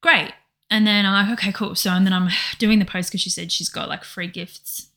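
A woman's voice: medium pitch, flat delivery, brisk, fairly bright tone. A woman co-hosting a podcast in casual personal chat, rambling and emotional, often quoting herself. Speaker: podcast co-host.

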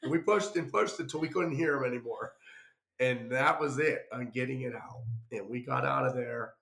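A man with a medium-pitched, creaky voice tells a long travel mishap at a normal pace, rambling casually and acting out what people said. It's an animated, storytelling anecdote, recorded with a roomy echo.

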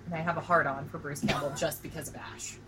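A woman in her forties co-hosting a casual chat, joking and bawdy, telling stories with animated energy. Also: low-pitched, fast, soft background music, poor audio. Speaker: podcast co-host.

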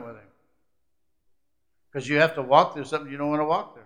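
Man preaching a sermon, loud and soft swings. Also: fairly high pitch, fairly even intonation, fast, long pauses. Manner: preachy, swings from loud climaxes to quiet asides. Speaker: pastor.

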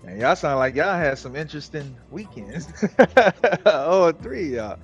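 A man's voice: a little high, lively intonation, a little slow, highs cut off, faint music behind. A man co-hosting a podcast, teasing the others in casual, playful chat. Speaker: podcast co-host.

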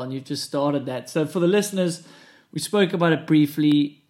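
A man with a South African accent hosts a podcast in loose, laughing conversation. He tells anecdotes with an easy, conversational flow. His voice sits a little high for a man. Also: moderate pace, a little mellow. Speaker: podcast host. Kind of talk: casual chat.

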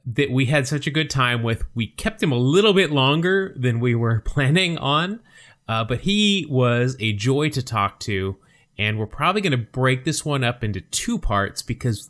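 A man's voice: mid-range voice, a bit bright. A man co-hosting a podcast in a casual, upbeat chat, laughing easily. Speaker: podcast co-host.

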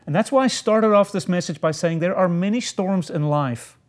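A man's voice: sits high, moderate pace. A man preaching a sermon, reading scripture aloud and then explaining it. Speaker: pastor.

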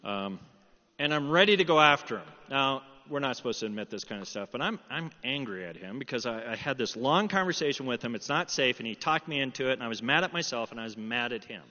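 Middle-aged male pastor, animated storyteller, bright tone, long hall reverb on a muffled recording. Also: medium pitch, fast. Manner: animated storytelling, quoting dialogue. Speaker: preacher. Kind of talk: sermon with personal story. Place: church hall.

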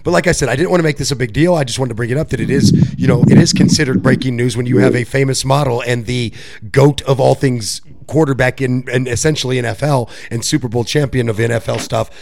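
A man's voice: mid-range voice, steady tone, quick pace, vocal fry, a little mellow, slight background noise. A man from Puerto Rico co-hosting a podcast, chatting casually and loosely, swearing and laughing often. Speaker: podcast co-host. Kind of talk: casual chat.

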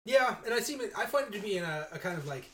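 A man co-hosting a casual podcast, talking in a sarcastic, incredulous way and quick to mock ideas he finds absurd. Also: high-pitched, lively intonation, sharp tone, a little hiss or hum. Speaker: podcast co-host.

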